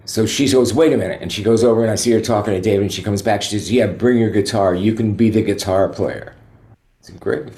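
A man, a guest musician, telling relaxed stories in a rambling way, full of "you know". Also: on the low side, echoey room. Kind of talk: relaxed anecdotal storytelling.

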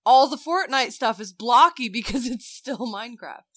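Bright high-voiced woman telling stories. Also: moderate pace. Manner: animated storyteller, laughing through punchlines, mimics her child in a high voice. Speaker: co-host telling family stories. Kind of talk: casual podcast chat.

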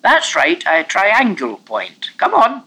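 A man's voice: sits high, huge pitch swings, slow pace, bright, forceful tone, husky, voice pushed up, heavily acted. A man voicing a petulant young boy who whines and insists on getting his way. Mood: insistent. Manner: whiny, insistent.

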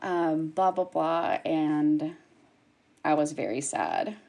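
A woman in casual chat, telling a personal story with lively acted-out quotes. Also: deep voice, slow pace, creaky. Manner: animated storyteller, acts out quotes. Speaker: guest sharing her story.

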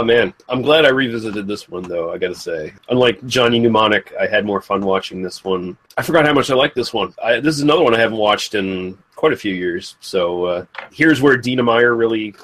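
A man's voice: on the low side, a little fast, a bit bright. A man hosting a casual film review podcast, laid-back and swearing casually. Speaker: podcast host.

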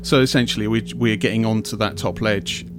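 A man's voice: fairly low pitch, steady tone, fairly quick. A man playing in a tabletop game, joking dryly and working out plans with the group. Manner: dry, jokey. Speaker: player. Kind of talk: tabletop role-play chat. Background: music.

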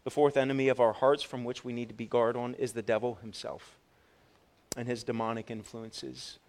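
A man preaching a sermon as pastor, telling a personal story with lively swings between loud and quiet delivery and frequent restarts. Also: mid-range voice, moderate pace. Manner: repeats words when restarting.

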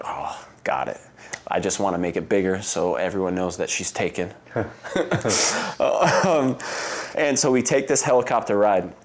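This is a man from the United States in his thirties, talking as an interview guest in a loose, rambling, good-humoured way. His natural voice sits fairly low. When he quotes someone, he jumps up into a higher, livelier voice. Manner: animated storyteller who acts out quotes with a jump in pitch; loose and chatty, laughs often. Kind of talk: casual interview storytelling.

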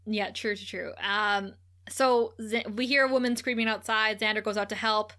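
A woman co-hosting a podcast, casually recapping a TV episode in an animated, giggly way. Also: mid-range voice, normal speed. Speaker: podcast co-host.

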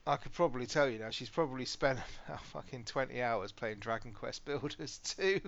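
A man's voice: mid-range voice, animated, fairly quick, creaky. A British man co-hosting a gaming podcast, chatting casually and telling stories animatedly, swearing freely. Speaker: podcast co-host. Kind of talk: casual chat. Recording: slightly muffled podcast audio.

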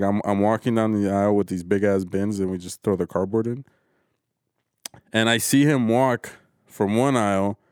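A man's voice: fairly low pitch, a little mellow, smooth, dry recording, clean studio sound. A man in casual chat, laid-back and profane, telling a story about work. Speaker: warehouse worker.

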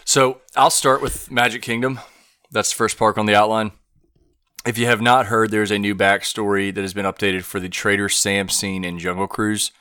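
A man's voice: lowish voice, flat delivery, moderate pace, bright, forceful tone, clear, resonant tone, no echo, clean studio sound. A man co-hosting a casual podcast from home, easygoing and laughing as he talks. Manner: easygoing, laughs between words. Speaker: podcast co-host.

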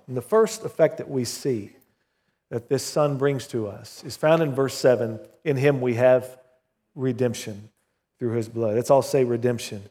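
A man's voice: mid-range voice, dark tone. A pastor from southern Oklahoma who prays and then preaches a sermon to his congregation, telling stories and singing bits of a hymn. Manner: prayerful, then storytelling with sung hymn lines. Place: church building with congregation. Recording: long hall reverb.

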